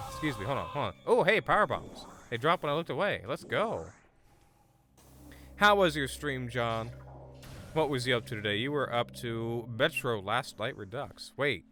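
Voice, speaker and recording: A man live-streaming a video game, chatting with viewers in an excitable way, swearing and breaking into sudden loud outbursts. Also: mid-range voice, normal speed. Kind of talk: live gameplay commentary.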